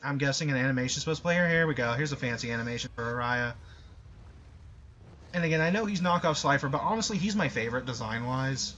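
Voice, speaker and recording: A man's voice: mid-range voice, animated, fast talker, a bit bright, highs cut off, soft background music. A man giving casual, sarcastic, rambling commentary over a game. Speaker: gameplay commentator.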